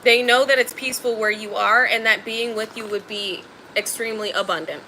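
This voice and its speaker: Emphatic, bright-voiced woman tarot reader. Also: on the high side, steady tone, fairly quick, slight background noise, rough recording. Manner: emphatic, blunt and slangy, swears freely. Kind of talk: spiritual tarot reading.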